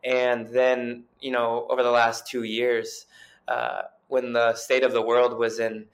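An earnest young man recounts his story as a podcast guest, speaking in a fairly level, unvaried tone. His talk wanders with frequent fillers and restarts, at an ordinary middle pitch. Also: completely flat delivery, unhurried. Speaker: guest chiropractor and coach. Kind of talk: casual storytelling interview.

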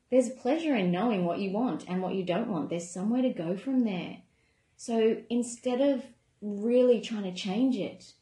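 A woman wellness coach giving a calm, gentle self-help talk in a conversational way. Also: medium pitch. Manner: calm, gentle, conversational, with many "you know" asides. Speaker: wellness coach running a membership program. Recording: echoey room.

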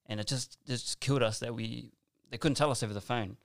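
A man's voice: mid-range voice, steady tone, fairly quick, gravelly, no room sound. A man telling a personal story in casual conversation, rambling and earnest with lots of asides and restarts.

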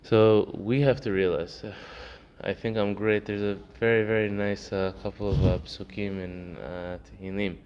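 This man's voice sits on the low side, with little pitch movement and a moderate pace. He's teaching an informal Torah class, spinning stories packed with fillers and playing the people in them. The audio is dull and lo-fi, with faint background noise.

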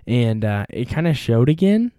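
A young man hosting a casual sports talk show, energetic and rambling, with many fillers and restarts. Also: mid-range voice, moderate pace, no echo, studio quality. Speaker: podcast host.

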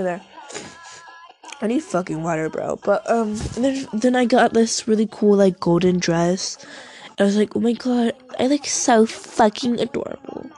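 A woman's voice: medium pitch, a little mellow. A young woman rambling casually to herself, swearing a lot, making self-mocking asides, and short of breath.

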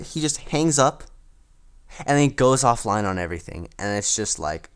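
A man hosting a solo podcast, rambling casually with lots of fillers and quick laughing asides. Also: lowish voice, animated, clear, resonant tone. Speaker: podcast host.

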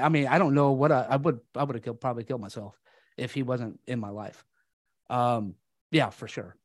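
On a podcast, a male guest tells his story candidly and earnestly, performing the dialogue himself in a casual storytelling chat. His medium-pitched voice comes through clean studio sound with no echo.

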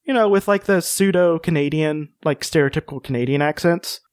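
A man's voice: fairly high pitch, brisk, no room sound, clean studio sound. A man hosting a podcast, chatting casually and jokingly with lots of fillers. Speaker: podcast host. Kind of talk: casual chat.

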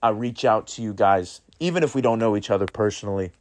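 A man with a lowish voice talks fast while hosting his own podcast. In a casual motivational monologue, he rambles earnestly and swears freely as he pushes listeners to be kind.

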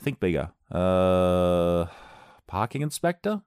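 A man's voice: fairly low pitch, big pitch swings, fairly quick, gravelly, darkish tone, no echo, studio quality. A man hosting a solo comedy show, riffing sarcastically and playfully in a rambling monologue.

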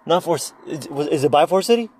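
A man's voice: a little high, animated, fast, darkish tone, husky. A young man in casual chat with friends, rambling with lots of restarts and fillers.

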